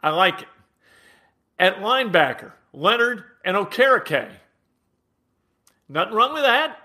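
A man's voice: high-pitched, very animated, measured pace, pushed and bright. A man hosting sports talk, blunt and emphatic, speaking straight to his listeners. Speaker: sports radio host.

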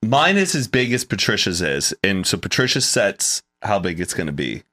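Animated, bright-voiced man. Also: fairly low pitch, normal speed. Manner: animated, earnest, self-mocking. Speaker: podcast co-host. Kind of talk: casual chat.

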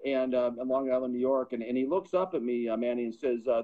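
Fast and steady, this middle-aged man's voice is mid-range and warm. A podcast guest who works as a pro football scout, he earnestly tells his personal testimony, frequently repeating words to build momentum, over dull lo-fi sound.

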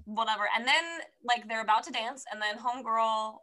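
Young woman, casual book chat, chatty, filler-heavy, laughs a lot, bright tone. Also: on the high side, fairly even intonation, fairly quick.

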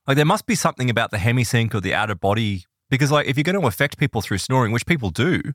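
A man's voice: medium pitch, animated, very fast, a bit bright, no echo, clean studio sound. A man co-hosting a podcast, casually asking curious questions and joking along. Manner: curious, asks questions, jokes. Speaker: podcast co-host. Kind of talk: casual chat. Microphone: studio mic.

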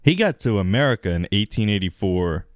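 Brief: relaxed male co-host, lowish voice, blunt and easygoing, dry studio sound. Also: fairly quick, no echo. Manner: laid-back, blunt, swears casually. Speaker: podcast co-host. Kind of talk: casual chat.

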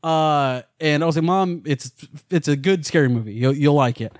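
Man, casual podcast chat, animated, swearing, dry close sound. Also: fairly high pitch, moderate pace, dry recording. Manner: animated storyteller, swears freely. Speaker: podcast co-host.

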